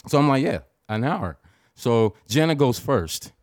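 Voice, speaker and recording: A man's voice: mid-range voice, expressive, a little slow, no echo, clean studio sound. A married man telling a rambling, profane story in casual chat, acting out his own reactions as he goes. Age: adult, married.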